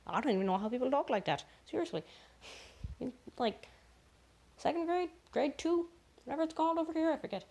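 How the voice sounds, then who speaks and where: A woman's voice: animated, a little fast, pauses often, darkish tone. A woman rambling through a jokey mock stand-up monologue, correcting herself as she goes. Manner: rambling, self-correcting, jokey, pitch swinging up and down. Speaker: solo comedic rambler.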